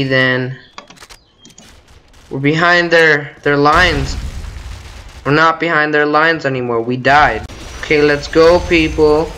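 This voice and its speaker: Teen boy gaming commentator, bright tone, chatty trash talk, home desk mic with faint noise. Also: a little high. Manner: chatty, trash-talking, frequent mild exclamations. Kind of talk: casual gameplay commentary. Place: bedroom at home.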